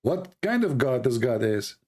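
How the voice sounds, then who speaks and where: A man with an Arabic accent hosting a heated online debate, hoarse and coughing, pressing the same questions again and again. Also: mid-range voice, sing-song, normal speed, a little mellow. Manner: insistent, repeats questions. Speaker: debate host.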